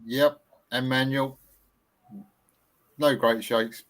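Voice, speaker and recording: A male guest on a relaxed live chat show answers in short, easygoing bits. He sounds unhurried and matter-of-fact. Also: mid-range voice. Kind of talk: casual live-stream chat.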